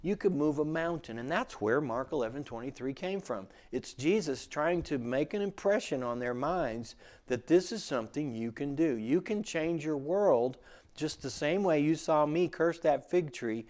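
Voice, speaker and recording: A man teaching the Bible in a relaxed, conversational way. He often restarts phrases and grows emphatic when he quotes scripture. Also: fairly high pitch, normal speed. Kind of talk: sermon teaching.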